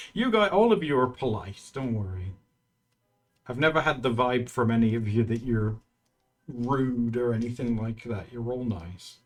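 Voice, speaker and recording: A man chats with his live viewers in a loose, teasing way, breaking into laughter again and again. His voice swings widely up and down as he talks. Soft music plays faintly under his voice. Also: mid-range voice, expressive, a little slow, pauses often. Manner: chatty, laughs often, teasing. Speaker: streamer. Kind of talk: casual chat with live viewers.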